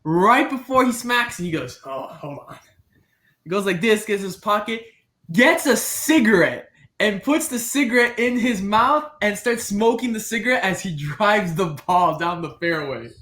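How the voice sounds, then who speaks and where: High-voiced young man telling a story. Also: moderate pace, reverberant. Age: 20s. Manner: animated storyteller acting out quoted people. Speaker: podcast co-host. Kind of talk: casual storytelling chat.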